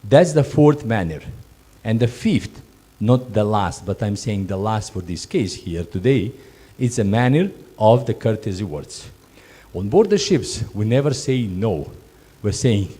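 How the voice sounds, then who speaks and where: In instructive talk to hospitality job candidates, a man uses emphatic non-native English full of repetitions and restarts. His voice is mid-range with a dark tone.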